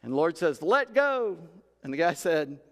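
Speaking fast in a high-leaning, darkish voice with fairly even intonation, this pastor preaches in a church sanctuary. He tells folksy stories and acts out quoted voices, and the recording carries a long hall reverb.

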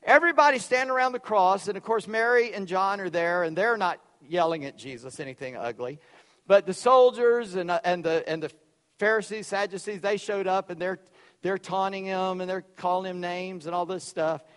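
A man preaching a sermon, loud and emphatic, dropping suddenly to quiet for effect. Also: high voice, normal speed, clean tone, in a large hall. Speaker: pastor.

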